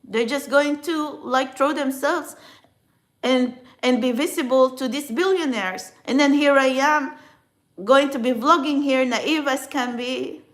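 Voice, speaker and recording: A woman with a high voice tells her story in a personal vlog, and her first language is a Filipino dialect. She rambles and restarts, emotional and halting, circling back on her thoughts. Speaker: spiritual vlogger.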